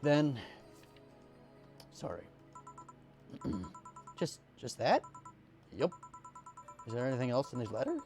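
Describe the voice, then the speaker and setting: Animated man reading game dialogue aloud. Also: mid-range voice. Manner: animated reading with stumbles and restarts. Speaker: streamer.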